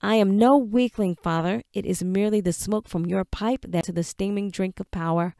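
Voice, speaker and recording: A woman's voice: medium pitch, moderate pace, dark tone, dry recording, studio quality, natural voice. A woman voicing an earnest young man who pleads with his father and fights back tears, read for an audiobook. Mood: defiant, hurt. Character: earnest young adult son, proud and grieving.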